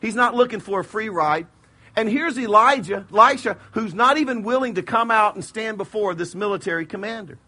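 Bright, high-voiced man preaching. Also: brisk. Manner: lively storytelling, acting out biblical characters in modern slang. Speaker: pastor. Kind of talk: sermon.

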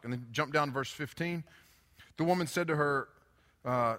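In a church, a pastor preaches a sermon full of casual, digressive, humorous stories, speaking into a handheld or stand microphone. His voice is fairly high, bright and forceful, at normal speed with long pauses, and the hall sounds reverberant.

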